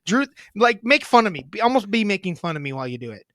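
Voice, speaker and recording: A man's voice: high voice, big pitch swings, fast talker, pushed and bright, dry recording, studio quality. A man co-hosting a sibling sports podcast, casual and joking, swearing freely as he coaches his sister. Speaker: podcast co-host. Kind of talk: casual chat.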